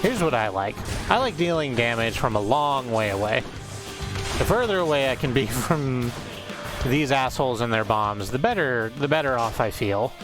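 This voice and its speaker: A man chatting casually as he streams a game, musing aloud with a wry edge. His pitch sits in an ordinary middle range. Game music plays clearly behind his voice. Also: animated, moderate pace. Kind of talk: casual gameplay commentary.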